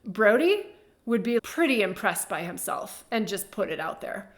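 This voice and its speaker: A woman hosts a casual monologue at a mid pitch. She talks in a loose, storytelling way, with plenty of fillers and a quick laugh now and then. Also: big pitch swings. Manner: chatty storytelling, laughs often, uses many fillers. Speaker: host and business coach.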